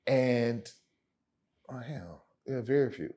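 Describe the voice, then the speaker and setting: A mid-range, mellow male voice, slow but animated. He's a lawyer on a casual interview, and his storytelling is emphatic and slangy, with the host called "man" and "brother."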